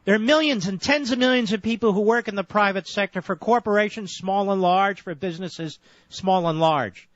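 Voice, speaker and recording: This man's voice is high and fairly bright, moving at normal speed with no room sound. As host of a call-in radio show, he lectures a caller insistently and cuts him off during a combative debate, all captured in dull, dry lo-fi radio audio.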